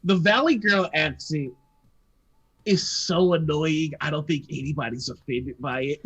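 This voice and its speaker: A woman's voice: low voice, a little slow, a bit bright, breathy edge. An American woman hosting a live stream, chatting casually, laughing often and stammering. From United States. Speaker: stream host. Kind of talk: casual chat.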